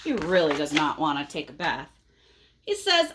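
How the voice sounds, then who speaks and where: A woman reading a picture book aloud to children, pausing to ask them questions in a gentle, teacherly way. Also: sits low, very animated, background noise.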